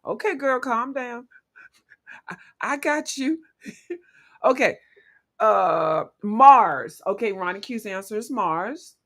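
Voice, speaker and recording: A woman hosting a casual livestream, chatting playfully with viewers and quick to laugh. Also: on the high side, lively intonation, a bit bright. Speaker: livestream host.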